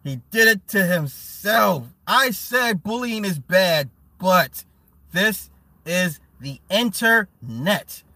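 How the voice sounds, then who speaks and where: A man hosting a casual livestream, reading chat aloud and riffing with loud laughs, mockery and swearing. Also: high-pitched, slow pace, dry recording. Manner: animated, laughing, mocking, swearing.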